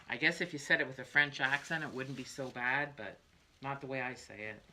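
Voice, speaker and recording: An older woman rambles through a crafting livestream, her voice low yet bright and forward. She laughs easily and wanders off into little asides. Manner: chatty, laughs often, trails off into asides. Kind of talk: rambling casual chat.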